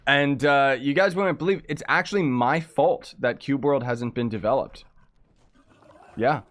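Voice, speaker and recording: A man chatting casually during a live game stream, ranting in frustration and breaking into quick exclamations. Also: mid-range voice, fairly bright tone. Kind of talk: casual live-stream chat while gaming.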